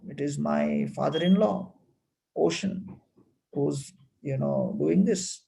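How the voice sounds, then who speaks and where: A man giving a devotional talk, explaining temple wonders in an unhurried way with frequent fillers. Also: a little high, gravelly, mellow, low-quality recording. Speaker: temple speaker.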